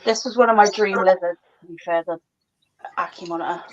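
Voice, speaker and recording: A woman chatting casually while showing her reptiles, often cooing softly to a lizard. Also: lowish voice, fairly quick. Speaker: reptile keeper streaming her pets. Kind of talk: casual chat. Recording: dull lo-fi stream audio with faint noise.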